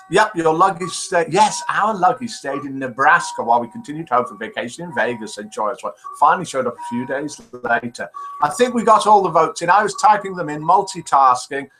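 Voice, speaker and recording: A man's voice: on the high side, bright, forceful tone, low-quality recording. A man from England with a Midlands accent hosting a live call-in show, chatting and reading out listeners' messages. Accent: English Midlands. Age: older. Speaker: host.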